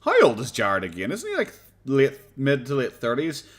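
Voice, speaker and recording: An Irish man chatting on a live stream about other video makers. He is sarcastic, swears freely and laughs often, and his voice sits at an average pitch. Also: wildly swooping pitch, moderate pace. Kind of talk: casual commentary.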